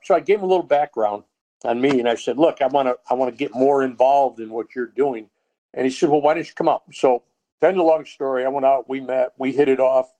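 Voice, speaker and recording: A man's voice: medium pitch, poor audio. A man with a Texan accent, a podcast guest telling a story in casual chat and acting out the voices in it. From Texas. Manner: animated storyteller, acts out quoted dialogue. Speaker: guest, dog trainer.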